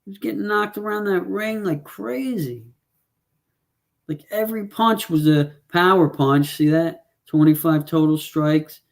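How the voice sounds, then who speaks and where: Here a man with a high, creaky voice talks a little slowly as he co-hosts a casual podcast predicting fights. He wanders through the statistics, verifying figures aloud and filling gaps with lots of ums and ahs.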